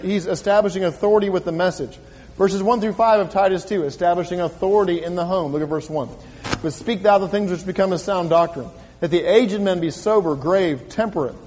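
High-voiced preaching man in a reverberant hall. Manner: reads scripture aloud slowly and emphatically, then drops to a quiet conversational tone. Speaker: pastor. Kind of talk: sermon. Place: church.

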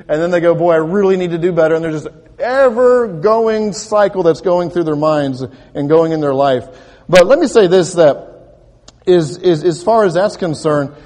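Pastor, male, high-pitched, casual sermon style full of rhetorical questions, church reverb. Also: a little mellow. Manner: conversational preaching with rhetorical questions and repetitions. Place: church sanctuary. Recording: long reverb of a church hall.

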